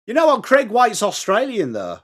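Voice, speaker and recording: An English host with a high, bright-ish voice whose pitch swoops wildly is running a live match watchalong at a moderate pace. He chats casually, answers viewer comments and calls the play as it happens on his stream.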